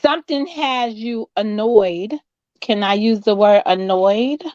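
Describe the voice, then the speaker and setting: A woman hosting a panel who speaks in a measured way and asks pointed questions. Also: mid-range voice, darkish tone, no echo, lo-fi sound. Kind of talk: slow deliberate panel talk.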